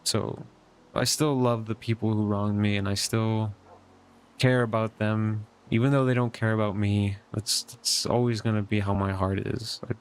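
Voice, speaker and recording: Earnest young man, fairly low voice. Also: steady tone, normal speed, clean tone. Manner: earnest, reflective, rambling with many "like" fillers. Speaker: vlogger. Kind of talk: casual personal update.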